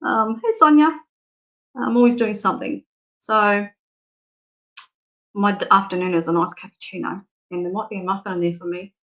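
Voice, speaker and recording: A woman's voice: medium pitch, steady tone, moderate pace, pauses often. A middle-aged Australian woman giving a spiritual reading on a live stream, frank and affectionate, laughing often. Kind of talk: casual live-stream chat.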